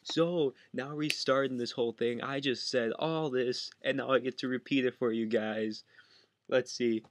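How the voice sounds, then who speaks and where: A young man rambles through a casual vlog in his bedroom, jumping from thought to thought and interrupting himself. His voice sits at an ordinary middle pitch. The sound is dry and close, with no room echo. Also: steady tone. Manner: fast, scattered, self-interrupting. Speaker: vlogger. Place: cluttered bedroom at home.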